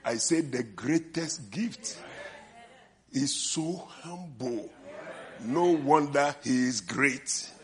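An older man with a foreign accent preaching a sermon, leading the congregation with call-and-response and repeated amens. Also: mid-range voice. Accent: non-native English accent. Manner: call-and-response, repeated "amen and amen", drawn-out emphasis. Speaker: visiting preacher.

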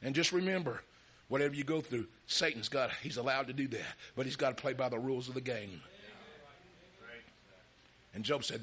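A man preaching a sermon with passion, often shouting and calling out hallelujah and amen. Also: medium pitch, moderate pace, pauses often, breathy edge.

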